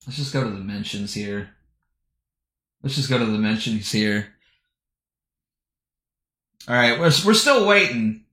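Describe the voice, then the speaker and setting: A man's voice: mid-range voice, expressive, unhurried, pauses often, sharp tone. A young man streaming, giving crude, scornful reaction commentary with plenty of swearing. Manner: scornful, swearing, breaks into laughter. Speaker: streamer reacting to posts and videos. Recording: roomy echo.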